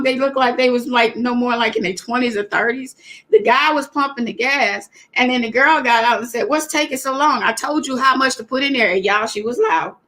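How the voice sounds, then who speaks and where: A woman hosting a casual livestream talk, greeting viewers by name and retelling a story with lively asides. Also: on the high side. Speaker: host.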